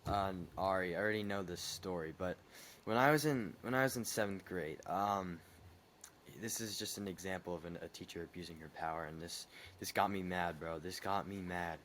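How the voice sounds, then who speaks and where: A young man chatting on a podcast, telling a story in a heated, animated way with some swearing. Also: sits low, brisk, slight background noise. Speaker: podcast co-host. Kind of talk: casual podcast chat.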